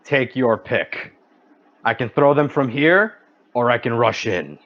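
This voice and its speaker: A man's voice: mid-range voice, animated, unhurried, lo-fi sound. Man playing a boastful human brawler. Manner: forced, boastful confidence. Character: brash human man with chair-leg weapons.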